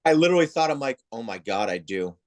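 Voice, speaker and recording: Animated storytelling man, volleyball official. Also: mid-range voice, fast. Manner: animated storyteller, acts out quoted voices. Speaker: head of volleyball officials, guest. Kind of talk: casual interview chat.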